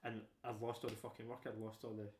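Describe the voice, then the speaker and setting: A young man co-hosting a podcast, telling stories in casual chat with lots of swearing and animated energy. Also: on the low side, fast, roomy sound, a little hiss or hum. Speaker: podcast co-host.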